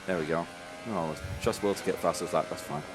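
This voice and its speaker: A man's voice: sits low, fairly even intonation, a little fast, music in the background. A man co-hosting a podcast, talking casually and working through his opinion aloud. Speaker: podcast co-host. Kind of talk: casual chat. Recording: background noise.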